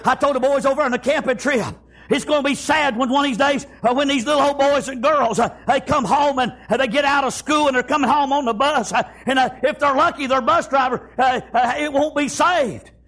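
A man's voice: very high-pitched, brisk, fairly bright tone. A middle-aged man, preaching a revival sermon and chanting "praise God" and "amen" between phrases.

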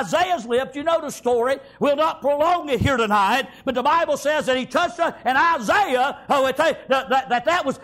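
A man preaching a fervent revival sermon, often shouting and punctuating with "amen" and "praise God". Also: extremely high pitch.

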